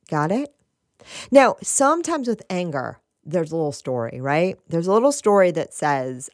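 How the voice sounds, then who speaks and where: Woman, low voice, dry close sound, gentle spiritual talk, repeats phrases. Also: big pitch swings, normal speed, no room sound. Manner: gentle, repeats phrases, laughs softly, asks "right?".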